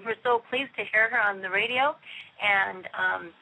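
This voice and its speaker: A woman's voice: mid-range voice, normal speed, creaky, bright, forceful tone, rough recording. A woman calling in by phone to a radio interview, talking in a proud, affectionate way. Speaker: caller, the guest's mother. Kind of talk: phone-in chat. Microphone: phone line.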